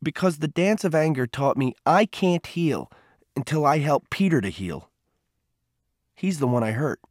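A man's voice: on the high side, big pitch swings, unhurried, no room sound, studio quality, voice pushed up. A man voicing a troubled teenage boy who speaks in a subdued, remorseful way.

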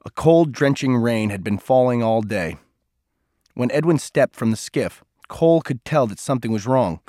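A man's voice: medium pitch, expressive, moderate pace, dark tone, dry recording. Man narrating an audiobook in a dry voice.

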